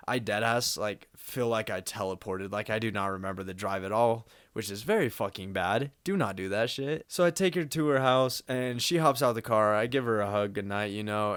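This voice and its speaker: Laid-back teen guy, smooth voice. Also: fairly low pitch, a bit bright, no room sound, clean studio sound. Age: late teens. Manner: laid-back slangy delivery, frequent swearing and laughs. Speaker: vlogger. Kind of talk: casual storytime.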